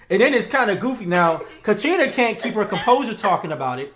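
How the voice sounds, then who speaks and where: A man co-hosting a casual talk show, animated and slangy, laughing often. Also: high voice, a little fast, hardly any pauses, echoey room. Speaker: podcast co-host. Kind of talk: casual chat.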